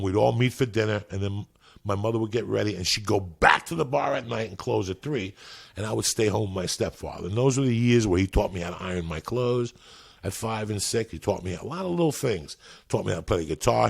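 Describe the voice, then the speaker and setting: A man in his fifties with a deeply gravelly voice tells stories in casual podcast talk. His tone is rough and breathy, and his delivery is loud and animated, full of swearing and repeated words. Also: a little fast. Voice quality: gravelly, husky. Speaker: podcast guest, comedian. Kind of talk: profane storytelling in casual chat.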